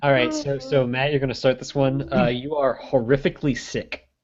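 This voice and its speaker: A man briskly handing out turns in improv games, in a plain, mid-pitched voice. The recording is dull and lo-fi. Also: little pitch movement. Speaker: game leader.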